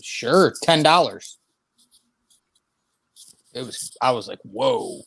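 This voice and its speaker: A man's voice: mid-range voice, big pitch swings, takes it slowly, gravelly, a bit bright, breathy edge. A man who plays in a band, a guest on a casual video call, telling stories in a wry, incredulous way. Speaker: guest musician. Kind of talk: casual chat.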